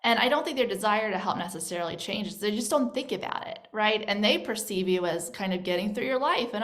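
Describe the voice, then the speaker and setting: A woman's voice: medium pitch, animated, fairly quick, hardly any pauses, a bit bright. Affirming woman hosting a webinar. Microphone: video call microphone.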